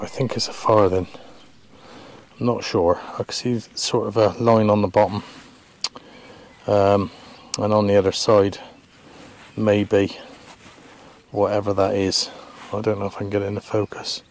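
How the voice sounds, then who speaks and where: A man's voice: fairly low pitch, darkish tone. A man vlogging his metal detecting in a farm field, thinking aloud in a hesitant, chatty way as he talks to the camera. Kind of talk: casual commentary to camera. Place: open farm field outdoors.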